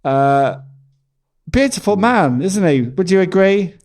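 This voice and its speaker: A man's voice: sits high, big pitch swings, slow, darkish tone. A man hosting a casual podcast chat while painting, teasing his guest with dry humour. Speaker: podcast host and portrait painter. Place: venue in a bar.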